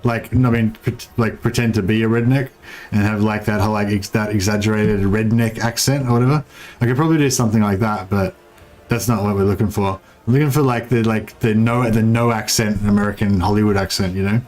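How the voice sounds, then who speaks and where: A man's voice: fairly low pitch, steady tone, fairly quick, a little mellow, faint music behind. A man with an Australian accent chatting casually on a game livestream, rambling, swearing freely and often trailing off mid-thought. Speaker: game streamer. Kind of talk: casual livestream chat while playing.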